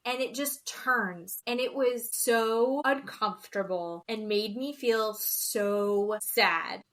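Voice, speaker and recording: A woman's voice: on the high side, takes it slowly, a bit bright. A woman co-hosting a podcast, chatting casually about a reality show and acting out quotes with exaggerated voices. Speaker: podcast co-host. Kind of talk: casual recap chat.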